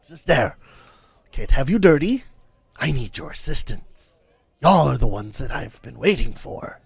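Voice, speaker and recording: A man's voice: mid-range voice, sing-song, unhurried, gravelly, husky, no room sound, heavily acted. A man doing eccentric old traveler Volo. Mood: fussy. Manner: fussy, beckoning, mutters to himself. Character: eccentric older male traveling author, well-traveled, pushy.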